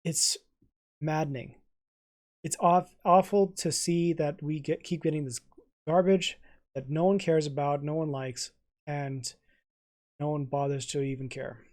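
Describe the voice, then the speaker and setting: A man hosting a reaction video, ranting in a frustrated, halting way with frequent stammers and restarts. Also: fairly high pitch, steady tone, darkish tone. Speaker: reaction channel host. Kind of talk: casual reaction rant.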